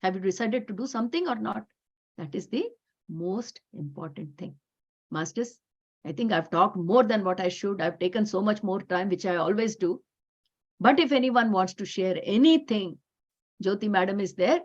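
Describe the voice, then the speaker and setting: A woman's voice: medium pitch, normal speed, lo-fi sound. A woman with an Indian English accent giving an emphatic, repetitive spiritual talk to a women's group over a video call. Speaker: workshop facilitator.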